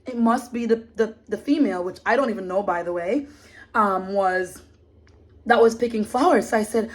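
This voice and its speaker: A woman's voice: a little high, normal speed. A woman telling a story in a casual vlog, in an indignant, emphatic way. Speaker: vlogger.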